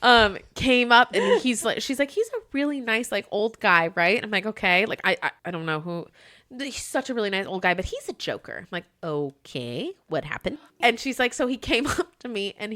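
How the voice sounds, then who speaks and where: A woman's voice: medium pitch, moderate pace. A woman who manages a hotel front desk, telling a story in a casual chat, laughing often and acting out the people she quotes. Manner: animated, laughs often, acts out quoted dialogue.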